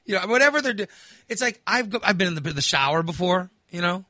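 Animated high-voiced man telling stories. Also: quick pace, dry recording, clean studio sound. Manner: animated storytelling with laughs and voiced asides. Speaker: podcast host. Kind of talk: casual chat.

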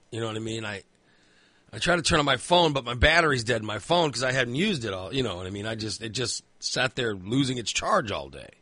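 Man, bright dry voice, rambling casual storyteller who swears a lot. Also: mid-range voice, slightly rough, no room sound. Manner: rambling storyteller, filler-heavy, swears freely. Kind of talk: casual chat.

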